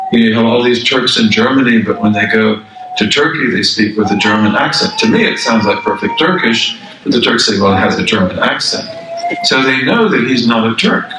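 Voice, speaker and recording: A man's voice: fairly low pitch, recorded from a distance, noisy background. Older man lecturing in an echoey hall. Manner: conversational, repeats phrases for emphasis, asks the audience questions. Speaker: Islamic scholar and lecturer. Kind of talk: religious lecture to an audience. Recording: echoey room, speaker away from the mic.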